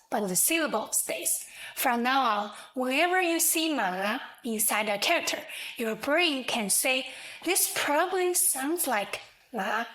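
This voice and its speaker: A woman narrating a scripted language lesson, explaining slowly, clearly and deliberately. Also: high voice, fairly bright tone, poor audio. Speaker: language teacher.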